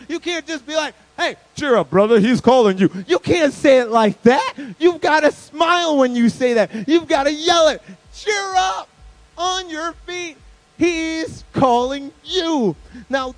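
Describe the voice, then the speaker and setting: A man preaching a sermon as a guest speaker at a church service, animated and playful, moving from loud emphatic bursts to quiet, earnest stretches. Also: very high-pitched, low-quality recording.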